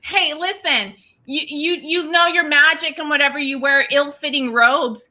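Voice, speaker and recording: A woman's voice: sits high, normal speed, bright, forceful tone. A woman playing a brash young princess in an improv comedy insult battle, swearing and taunting her opponent. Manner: trash-talking, swearing, taunting. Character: brash trash-talking young princess, cocky and crude.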